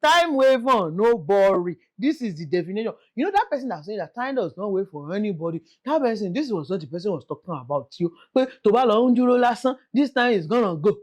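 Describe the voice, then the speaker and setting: A young Nigerian woman with a Nigerian accent, hosting a casual real estate talk, pleading and animated, slipping in Yoruba phrases. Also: medium pitch, fast talker, hardly any pauses. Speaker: real estate vlogger host. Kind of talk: casual chat to camera.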